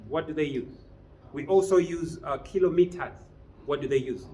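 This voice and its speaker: A man's voice: a little high, normal speed, warm tone, slight background noise. A man teaching a business writing class, lecturing and often putting questions to his students. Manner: quizzes the class with frequent questions. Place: training room with a class.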